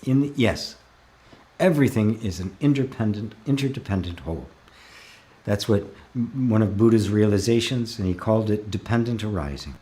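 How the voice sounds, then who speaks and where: This male spiritual teacher, with a deeper voice, calmly hosts a live Q&A, reading comments and laughing gently. He is reflective and often slows to stress a word.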